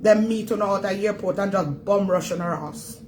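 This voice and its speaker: A woman's voice: medium pitch, normal speed, a little mellow, slight background noise, low-quality recording. A Jamaican woman hosting a vlog, scolding and emphatic in her Jamaican Patois, repeating her points as she rants. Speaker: vlog host. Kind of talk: ranting commentary.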